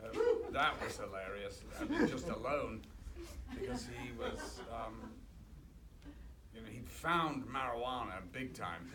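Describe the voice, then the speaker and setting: An older man, a guest actor on a film panel, telling animated anecdotes at a screening Q&A and laughing through them. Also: medium pitch, measured pace, a loud crowd. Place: cinema auditorium. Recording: loud background noise and clicks.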